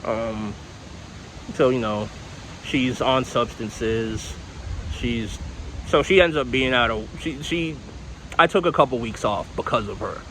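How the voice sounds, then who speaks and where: Young man, storytime vlog, rambling, profane, candid, mid pitch, noisy street, traffic hum. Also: slow pace, long pauses, bright, forceful tone.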